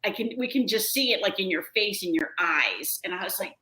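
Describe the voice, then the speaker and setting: A middle-aged mother telling animated stories in a casual chat. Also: medium pitch, brisk. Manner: animated storytelling. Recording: echoey room.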